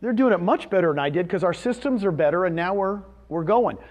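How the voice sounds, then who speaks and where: A man giving a motivational seminar talk in front of a live audience, animated, asking the audience questions and answering them himself. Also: high-pitched, fast. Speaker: presenter at a real estate seminar.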